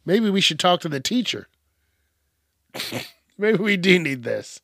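A man's voice: high-pitched, sing-song, unhurried, gravelly, long pauses, fairly bright tone, no room sound, studio quality. A man on a podcast, ranting crudely and mockingly with lots of swearing. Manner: profane, mocking, acts out whiny voices. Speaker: podcast host. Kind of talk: crude comedic rant.

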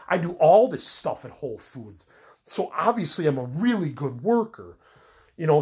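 Husky, fed-up man venting. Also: fairly high pitch. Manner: rambling, frustrated, venting with many fillers. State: sick with a cold. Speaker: podcast host. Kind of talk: casual personal monologue.

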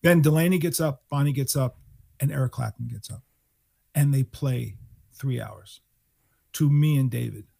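A man in his sixties from New York, a guest musician telling animated stories and acting out the people he quotes. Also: mid-range voice, normal speed, vocal fry, long pauses. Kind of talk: storytelling interview.

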